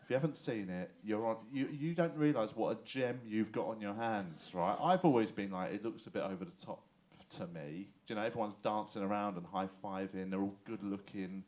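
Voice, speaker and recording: An English man performing a lively stand-up comedy set on a club stage, chatty and swearing, often checking in with the crowd. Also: on the low side, fairly quick, hardly any pauses. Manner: chatty, animated, swears and asks the crowd "right?".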